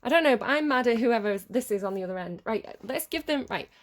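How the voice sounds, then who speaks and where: A tarot reader talks straight to camera in a high-leaning, expressive woman's voice, speaking fast. Her casual reading rambles and chats along, and she swears freely throughout.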